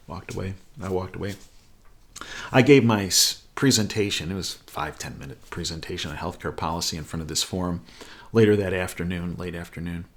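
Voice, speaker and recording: Lower-voiced man telling a story. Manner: acts out both sides of a remembered conversation. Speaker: host. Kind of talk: anecdotal storytelling.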